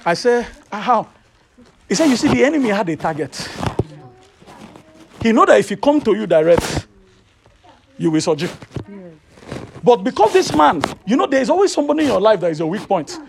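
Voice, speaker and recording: A man with a Nigerian accent preaching a sermon, telling a personal story in an animated, rising voice. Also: high voice, brisk, creaky, long pauses, background noise. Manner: animated, rises to loud excited storytelling.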